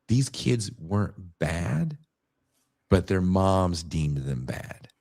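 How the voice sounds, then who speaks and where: A man with a deep, low voice tells a story in casual podcast chat, animated and blunt, with the odd curse. The sound is dry and close, with no room around it. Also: extremely slow, dry recording. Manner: animated retelling with swearing and acted quotes. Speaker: podcast co-host.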